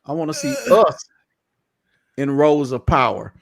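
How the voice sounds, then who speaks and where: A man co-hosting a casual podcast talks in a playful, teasing way, full of slang. His voice sits a little high and swings widely in pitch as he jokes with the others. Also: wildly swooping pitch, moderate pace. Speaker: podcast co-host. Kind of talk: casual chat. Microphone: remote call microphone.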